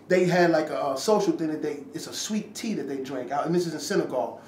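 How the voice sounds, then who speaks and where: His voice is a little high and a little mellow, and he talks fast with few pauses. A rapper following an interview, he tells a story in casual slang, acting out quotes and swearing. Filmed by handheld camera in a room, the audio is echoey and distant with faint ambient noise.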